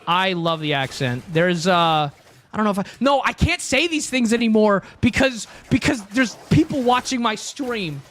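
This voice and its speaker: A man's voice: high-pitched, bright, forceful tone, slight background noise. A young man streaming, chatting casually and rambling with jokes to his chat. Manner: rambling, joking, talks to chat.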